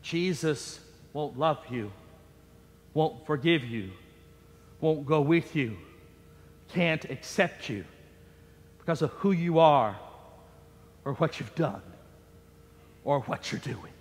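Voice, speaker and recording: A man voicing a sly, condemning demonic inner voice, speaking low, slow and hushed in a reverberant church sanctuary. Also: expressive. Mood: hushed menace.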